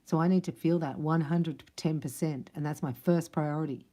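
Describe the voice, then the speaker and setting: A woman's voice: sits low, fairly even intonation, normal speed, mellow. A woman giving a casual spiritual card reading, chatty and emphatic, acting out little dialogues. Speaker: psychic card reader.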